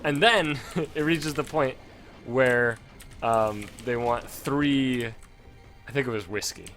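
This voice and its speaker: A man's voice: mid-range voice, takes it slowly, fairly bright tone, soft background music. A young man chatting casually while he plays a game, rambling with lots of fillers and restarts, close to a desk mic. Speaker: gaming streamer. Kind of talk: casual commentary while playing.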